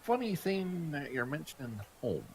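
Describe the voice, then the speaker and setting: A man's voice: fairly high pitch, very animated, moderate pace, slight background noise. A man playing a tabletop game, speaking both in and out of character, in an easygoing way with frequent laughter. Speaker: player. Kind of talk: in-character tabletop role-play.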